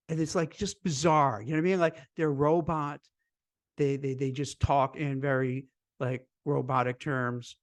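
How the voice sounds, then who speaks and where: A man, a recruiter and career coach, giving casual job-interview advice in a chatty, animated way, full of "you know" and "like". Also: mid-range voice, normal speed, no room sound. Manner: conversational, lots of fillers like "you know" and "like"; animated, acts out quoted voices. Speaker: recruiter and career coach hosting a live stream.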